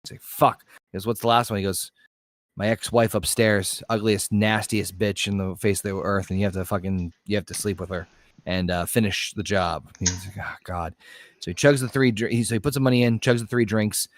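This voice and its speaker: Low-voiced man rambling through a joke. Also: fairly even intonation, no echo. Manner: rambling storyteller, drawls then rushes, swears freely. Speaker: podcast co-host. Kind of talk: casual joke-telling chat.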